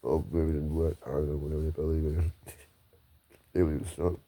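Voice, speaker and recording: A man's voice: very deep voice, level tone, fast, warm tone. A man rambling through a solo monologue, swearing, restarting and apologizing often.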